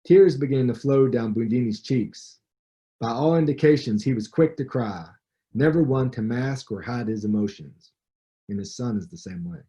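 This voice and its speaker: Mellow-voiced man reading aloud. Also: medium pitch, moderate pace, dull audio. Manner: conversational, storytelling delivery. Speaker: author. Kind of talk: reading his book aloud with commentary.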